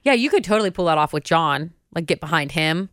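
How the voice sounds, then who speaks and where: A woman's voice: low-pitched, expressive, fast, fairly bright tone, dry recording, studio quality. A young adult woman co-hosting a podcast, chatting casually and giggling as she tells stories. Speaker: podcast co-host. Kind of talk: casual chat.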